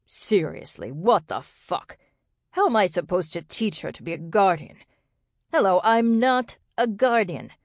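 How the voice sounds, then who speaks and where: A woman voicing an irritable, gruff male bear shifter who snarls his lines in exasperation. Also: high voice, normal speed, no room sound, clean studio sound. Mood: exasperated.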